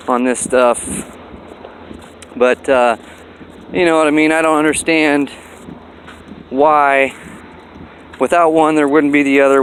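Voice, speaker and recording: A man's voice: medium pitch, fairly bright tone, slight background noise, rough recording. A man vlogging outdoors by a busy road, in a rambling, folksy way with lots of fillers. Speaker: dog breeder vlogger. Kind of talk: casual walking vlog.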